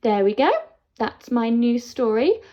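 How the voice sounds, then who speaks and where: A woman teacher, telling a children's story in an expressive, sing-song way. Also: fairly high pitch, a little slow. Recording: dull lo-fi sound.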